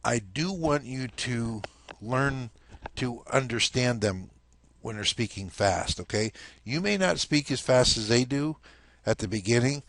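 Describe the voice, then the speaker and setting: A man's voice: medium pitch, expressive, measured pace, fairly bright tone, no echo. A man teaching a language lesson in a casual spoken style, explaining step by step and checking in often with "okay?".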